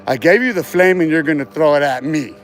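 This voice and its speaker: Brief: male livestreamer, fairly high voice, loose swearing ramble, boastful, laughs a lot, restarts phrases. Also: fairly quick, faint music behind. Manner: profane, boastful, laughs between remarks; trails off and restarts words often. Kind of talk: rambling casual livestream talk.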